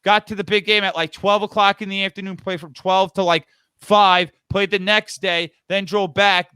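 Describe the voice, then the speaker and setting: Man, from New York, podcast host, bright voice, smooth and crisp, lively storyteller. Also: high-pitched, dry recording. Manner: animated storyteller, acts out quoted dialogue. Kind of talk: casual chat.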